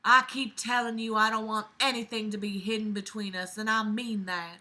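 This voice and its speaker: A woman voicing a teenage girl reading her confessional letter aloud in a put-on Southern Belle accent, soft and earnest. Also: medium pitch, flat delivery, normal speed, natural voice.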